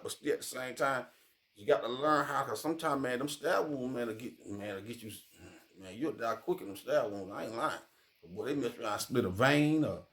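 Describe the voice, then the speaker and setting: A streetwise man giving casual true crime commentary, forever checking in with "you feel me". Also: mid-range voice. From Miami.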